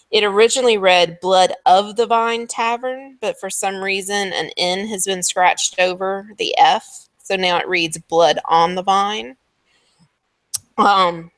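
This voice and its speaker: Woman as game master, bright dry voice, casual, full of ums. Home tabletop session. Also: medium pitch, dry recording. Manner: casual, many ums while describing scenes. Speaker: dungeon master.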